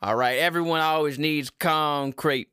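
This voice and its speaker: A man voicing a gruff, old-fashioned middle-aged father who scolds in a low folksy drawl. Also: steady tone, measured pace, pushed and bright, no echo, clean studio sound. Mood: scolding.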